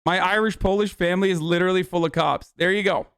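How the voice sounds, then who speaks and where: A male streamer rambles through a reaction video, cracking profane jokes in casual chat. His voice is smooth and fairly high for a man. The sound is close and dry. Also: steady tone, fast, fairly bright tone, dry recording. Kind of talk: casual livestream commentary.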